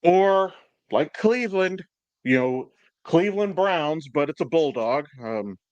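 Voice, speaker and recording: A man's voice: on the high side, expressive, takes it slowly, a little mellow, clear, resonant tone, no room sound, muffled recording. A man hosting a podcast in casual chat, swearing a lot, rambling and laughing often. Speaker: podcast host.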